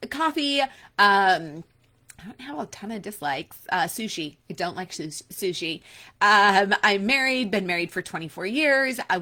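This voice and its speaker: A woman's voice: mid-range voice, a bit bright. A woman in her forties coaching listeners in a casual workshop, chatty and upbeat, speaking straight to the listener. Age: 40s. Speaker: online business coach.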